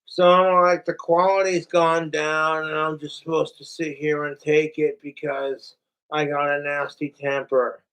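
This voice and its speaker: A middle-aged man vents in a rambling, profane vlog rant. He drawls at an unhurried pace, his voice slightly high and clear. He swears freely and circles back on himself as he talks to his viewers. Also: flat delivery, fairly bright tone, rough recording. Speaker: vlogger. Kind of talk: rambling casual rant to camera.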